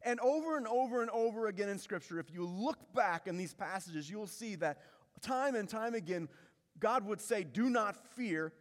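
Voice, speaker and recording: A man preaching a sermon as pastor, building intensity through repetition and dropping low to stress key lines. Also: animated, moderate pace, in a large hall.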